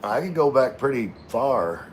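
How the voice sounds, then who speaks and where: A man's voice: medium pitch, expressive, unhurried, a little hiss or hum. A man hosting a casual live stream, reading viewer comments aloud in an easygoing way with frequent laughs. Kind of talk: casual livestream chat.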